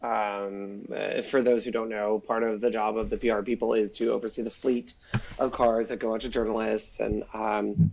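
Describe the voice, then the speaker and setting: A man in casual podcast conversation, telling a story in a lively way, acting out quoted lines and using many fillers. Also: lowish voice, normal speed, vocal fry, rough recording. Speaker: guest, former automotive PR man.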